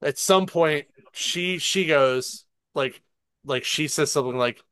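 A man in casual podcast chat, retelling a show in an animated way and swearing freely. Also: a little high, slow, clear, resonant tone, no room sound. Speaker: podcast co-host.

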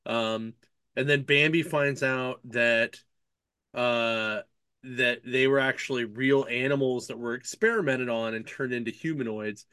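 A man's voice: medium pitch, a little slow, sharp tone, smooth, dry recording, studio quality. A man hosting a casual book chat, recapping a plot in a rambling way, laughing often and leaning on lots of fillers. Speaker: podcast host reviewing books.

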